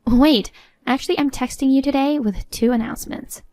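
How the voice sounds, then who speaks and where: A woman's voice: high voice, moderate pace, darkish tone, no room sound, close to an everyday voice. A woman voicing a smug scheming younger sister. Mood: smug taunting. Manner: smug, mocking.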